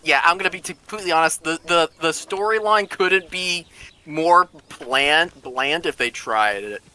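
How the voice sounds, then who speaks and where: A man's voice: fairly high pitch, measured pace, sharp tone, clean tone. A man co-hosting a stream in casual chat, giggling often between remarks.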